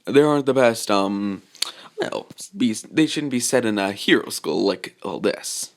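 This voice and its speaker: Man doing young male mercenary, calm, flat delivery, plain voice. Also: on the low side, measured pace. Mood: matter-of-fact.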